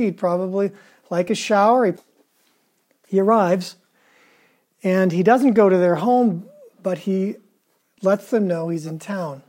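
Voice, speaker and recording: Preacher, mellow tone, retells scripture casually and keeps asking the room questions. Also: medium pitch. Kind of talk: conversational sermon.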